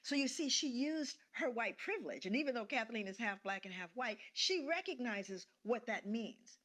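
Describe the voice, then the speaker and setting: Woman, middle-aged, storytelling, animated, acts out voices, bright tone. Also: fairly high pitch, moderate pace. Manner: animated, acts out quoted voices, laughs between lines. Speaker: guest speaker sharing a personal story. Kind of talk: storytelling talk.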